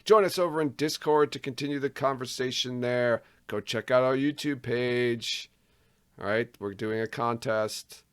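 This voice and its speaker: A man's voice: medium pitch, normal speed, smooth. A man hosting a podcast, joking around and wrapping up the episode with plugs. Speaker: podcast host. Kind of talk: casual podcast chat.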